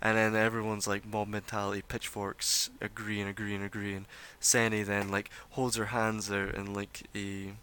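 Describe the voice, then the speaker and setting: A man's voice: lowish voice, monotone, normal speed, hardly any pauses, sharp tone, clear, resonant tone. A man narrating as game master of a tabletop game, rambling with many fillers.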